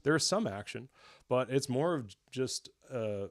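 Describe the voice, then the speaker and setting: In a clean, echo-free studio recording, a young man from around New York gushes about a show as a reviewer, rambling and self-correcting as he restarts sentences. His mid-range voice has lively intonation and a moderate pace.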